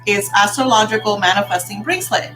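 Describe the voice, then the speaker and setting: A woman's voice: mid-range voice, fast talker, pushed and bright, faint music behind, poor audio. Chatty older woman teaching a class. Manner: chatty storytelling with frequent laughs. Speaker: spiritual teacher. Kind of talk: casual live-stream class.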